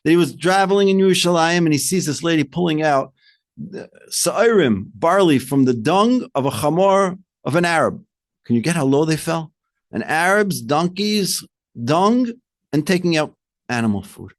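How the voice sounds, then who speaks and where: A rabbi giving a Torah talk, asking rhetorical questions and weaving in Hebrew terms, swinging between soft and loud emphasis. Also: male voice, fairly high pitch, lively intonation, moderate pace.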